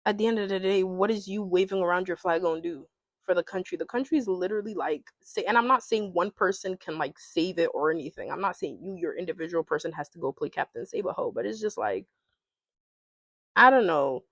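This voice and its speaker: A woman's voice: lowish voice, brisk, no room sound. Exasperated woman ranting, dry close sound. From America. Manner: exasperated, repetitive, emphatic. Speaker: commentary vlogger. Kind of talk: casual opinion rant to camera.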